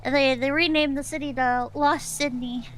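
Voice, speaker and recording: A woman from Canada plays a fellow officer in an online game roleplay. Her voice sits high, and she delivers her jokes flat and deadpan. A faint hiss runs under her voice. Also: moderate pace.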